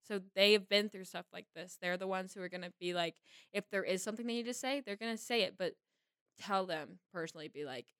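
A woman's voice: mid-range voice, fairly quick, a bit bright, no room sound, clean studio sound. A teenage girl, a guest on a podcast, talking earnestly and rambling with lots of likes. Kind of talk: casual podcast chat.

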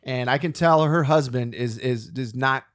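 A man co-hosting a podcast tells a long story in casual chat, animatedly acting out the quotes of the people in it. His mid-range voice keeps a moderate pace, captured in a dry, clean studio recording.

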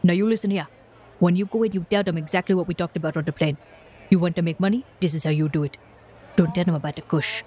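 A man's voice: high voice, steady tone, fast talker, darkish tone, lightly acted. A woman voicing a stern older male businessman with an African accent, giving orders in a commanding, lecturing way.

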